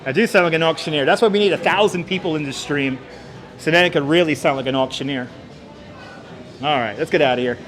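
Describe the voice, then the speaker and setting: A man live-streaming a walk through the city on a clip-on mic, chatty and playful, now and then yelling. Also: on the high side, fast talker, soft background music. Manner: chatty, playful, bursts into loud yelling and sing-song calls. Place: outdoors in a city and in an elevator. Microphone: wireless clip-on mic. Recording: street noise clearly behind.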